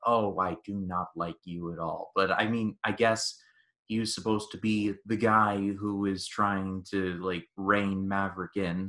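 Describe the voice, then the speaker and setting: Male podcast co-host, lowish bright voice, excitable casual film talk. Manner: excited, acts out quotes with many restarts. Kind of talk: casual movie review chat.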